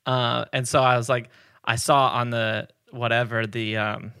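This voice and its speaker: A man's voice: medium pitch, flat delivery, measured pace, pushed and bright, clear, resonant tone. A man co-hosting a casual podcast, explaining a science story loosely with fillers. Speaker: podcast co-host. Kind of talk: casual chat.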